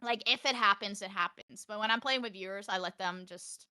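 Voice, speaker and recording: Animated bright-voiced young woman. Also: mid-range voice, a little fast, clear, resonant tone, dry recording, studio quality. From Norway. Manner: animated, laughs often, acts out quotes. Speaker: streamer, podcast guest. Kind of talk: casual chat.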